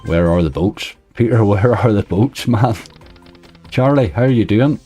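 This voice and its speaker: A man's voice: on the low side, lively intonation, a little slow, dark tone, husky, faint music behind. A man hosting a casual livestream, chatting loosely and reading out viewers' messages into a desk microphone. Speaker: slots livestreamer. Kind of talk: casual live-stream chat.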